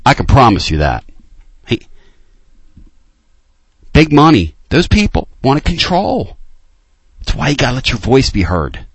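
A man hosting a late-night sports call-in show, ranting with fire and dropping to low, intense urging. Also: very animated, a little slow, long pauses, husky, dry recording. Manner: fired-up ranting, swinging between loud outbursts and low intense urging. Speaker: sports talk show host.

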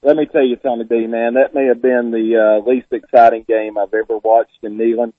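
Southern man, caller, husky voice, tinny phone line, emotional. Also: mid-range voice, flat delivery, a little fast, no echo. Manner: heartfelt, emotional, chokes up. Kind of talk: phone-in chat.

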